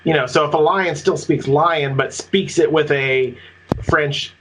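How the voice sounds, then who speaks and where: A man in a casual remote group chat, probing and asking for things to be made clear. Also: fairly high pitch, a little slow, background noise.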